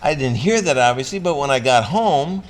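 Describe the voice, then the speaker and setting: Older guy, ex-athlete, motivational talk with stories, animated, gets loud acting stuff out. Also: medium pitch, moderate pace. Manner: animated storyteller who acts out scenes, loud when excited. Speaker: former pro athlete giving a motivational talk. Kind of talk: motivational speech with personal stories.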